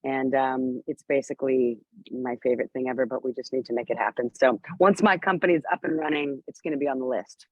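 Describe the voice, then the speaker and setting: A woman's voice: extremely low pitch, fairly even intonation, a little fast, no echo. Actress guest, woman, bubbly and laughing, over a muffled and dry video call. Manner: bubbly, laughs often, filler-heavy.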